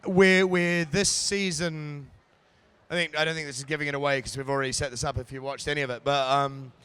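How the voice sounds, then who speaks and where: A man from New Zealand with a New Zealand accent, an actor chatting playfully in a live interview, joking and often pausing with fillers. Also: fairly high pitch, steady tone, bright, forceful tone, clean tone. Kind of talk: casual chat at a live event.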